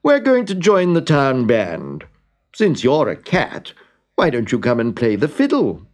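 A good-natured storybook donkey voiced by a man who urges his friends along. His voice is cheerful and coaxing, with lively rises and falls. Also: medium pitch, unhurried. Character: friendly donkey, the group's leader.

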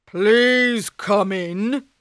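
A woman voicing a big, ugly male ogre in a storybook, slow and threatening. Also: fairly bright tone, no room sound, clean studio sound. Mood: menacing. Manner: slow, booming, menacing. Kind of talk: storybook reading.

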